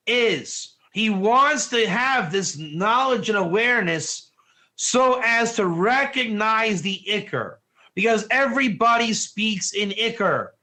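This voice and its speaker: An emphatic man leads an online Torah class with a high, bright voice, pressing his listeners with question after question. He talks like a teacher driving his point home to a live audience.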